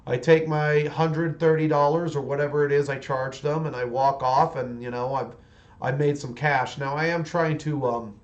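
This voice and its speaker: A man in his forties talks loosely to his livestream viewers while he paints, and his voice sits somewhat high for a man. His sentences wander and restart often as he rambles from one thought to the next. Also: steady tone, normal speed, lo-fi sound. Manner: rambling and chatty, with many restarts. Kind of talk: casual livestream chat.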